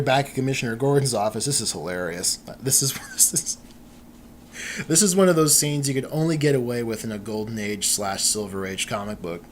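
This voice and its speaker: A man hosting a podcast gives an off-the-cuff, amused reading of a comic book, adding chatty commentary and laughing now and then. His voice is medium in pitch, and there's a little hiss or hum in the recording.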